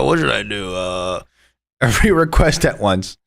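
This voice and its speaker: A man's voice: on the low side, animated, a little slow, creaky, a bit bright. A young man streaming a story game, playfully reading text aloud and chatting with his audience. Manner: playful, reads game text aloud, jumps between voices. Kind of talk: live gaming commentary and reading.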